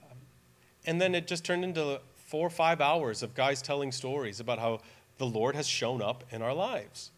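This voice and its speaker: A man in his forties preaching a sermon as pastor, earnest and emphatic, dropping to a soft, tearful tone during personal stories. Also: medium pitch, moderate pace. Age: 40s. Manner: earnest, emphatic, grows quiet and tearful when telling a personal story. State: near tears at times.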